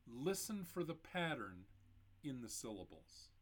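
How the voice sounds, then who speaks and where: A man teaching a poetry lesson, explaining metrical rhythm in a slow, deliberate way. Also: medium pitch, big pitch swings, husky. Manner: slow, deliberate, heavily stressed syllables. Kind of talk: poetry lesson, reading aloud.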